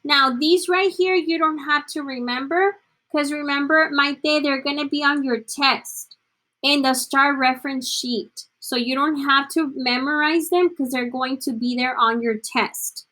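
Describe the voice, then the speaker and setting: Slow, bright-voiced woman teaching a class. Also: high-pitched, steady tone. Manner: encouraging, praising students by name; slips between English and Spanish. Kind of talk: online class lesson.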